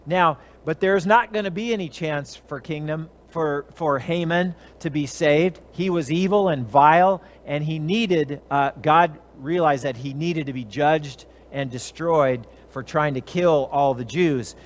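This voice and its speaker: A man's voice: a little high, a little slow, few pauses. A man giving a conversational Bible teaching as a preacher, retelling the story with animation and briefly acting out the characters' lines.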